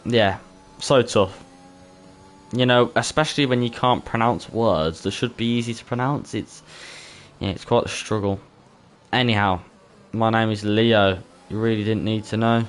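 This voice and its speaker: A man's voice: fairly low pitch, a little slow, a little hiss or hum. A man with a Birmingham accent giving chatty live commentary on an online racing league, laughing easily and tripping over names. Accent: Birmingham (Brummie). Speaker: esports race commentator. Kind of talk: live-streamed race commentary.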